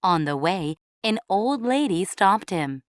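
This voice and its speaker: A woman reading a storybook aloud in a clear, measured way for English learners. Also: mid-range voice, big pitch swings, dry recording, studio quality.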